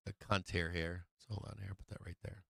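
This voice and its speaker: A man's voice: sits low, little pitch movement, a little fast, gravelly, a bit bright, husky, dry recording. A man from Boston hosting a live market stream, rambling in casual chat and laughing often at himself. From Boston, USA. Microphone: streaming microphone on an arm.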